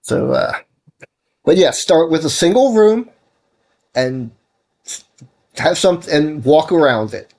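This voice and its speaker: A man's voice: on the high side, animated, slow pace, vocal fry, long pauses, darkish tone. A man casually talking while programming on a livestream, rambling and correcting himself as he gives advice, sounding a bit tired. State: tired, yawning. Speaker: livestreaming game developer.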